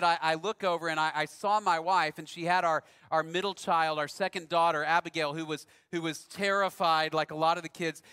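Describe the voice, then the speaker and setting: High, bright-voiced preacher telling a story. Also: male voice, smooth, in a large hall. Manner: conversational, self-deprecating storyteller. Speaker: pastor. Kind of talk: sermon with a personal story.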